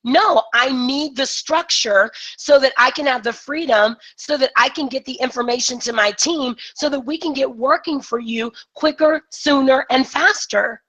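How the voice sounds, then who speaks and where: Bright, emphatic woman coaching live. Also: high-pitched, moderate pace, hardly any pauses, low-quality recording. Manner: emphatic, excited delivery. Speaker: business coach. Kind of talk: live online coaching session.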